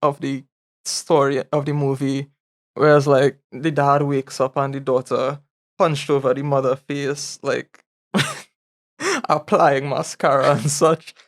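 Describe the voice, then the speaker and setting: A podcast co-host with a mid-range voice and slow pace spins a comedic story during casual brainstorming. He's an animated storyteller who laughs often and uses loose, nonstandard grammar.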